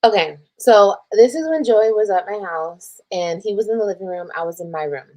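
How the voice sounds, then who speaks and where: A woman from Texas talks straight to her viewers in a casual storytime livestream. She is candid and emotional, reads old messages aloud and swears freely. Her pitch sits in the middle for a woman. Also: normal speed, dark tone. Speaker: streamer telling a personal story.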